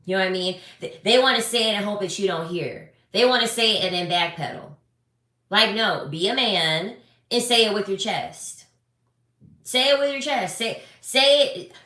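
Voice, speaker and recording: A woman's voice: mid-range voice, moderate pace. A young adult woman giving blunt, sassy relationship commentary, talking casually to her viewers. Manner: blunt, animated, sassy, swears freely. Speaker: relationship advice creator. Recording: echoey room.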